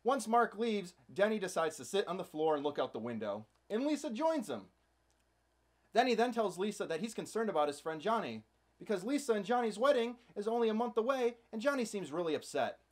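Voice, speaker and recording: A man's voice: sits high, sing-song, fairly quick. A man hosting a comedic movie recap, narrating with sarcastic, playful asides. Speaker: host.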